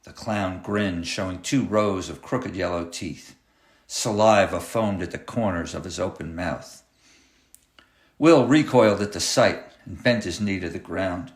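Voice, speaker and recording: A man reading his own short story aloud in a measured, dramatic audiobook narration. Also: low-pitched. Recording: roomy echoey room.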